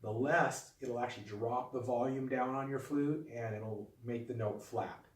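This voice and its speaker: A man teaches in a calm, patient way, talking students through each technique step by step. His mid-pitched voice sits some distance from the mic. The room around him rings with a clear echo. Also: a little slow. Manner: calm, patient, demonstrative explaining. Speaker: flute teacher. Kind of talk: instructional video lesson. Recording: echoey room, voice a bit off-mic.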